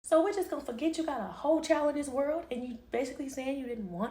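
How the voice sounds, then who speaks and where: A woman's voice: high-pitched, brisk. A young woman telling a personal story in a casual, candid way, swearing and laughing easily.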